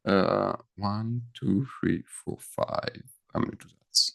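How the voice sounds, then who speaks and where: Slow and creaky, with a lowish pitch, this French teacher talks through grammar on a shared screen, reasoning out loud and checking in with frequent questions.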